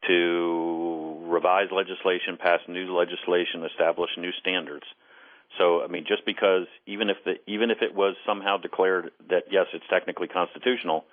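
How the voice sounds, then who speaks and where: Calling in over a phone line as a radio interview guest, this former intelligence case officer sits low in pitch. He speaks earnestly and deliberately, frequently repeating words when beginning a thought, all through a telephone mic.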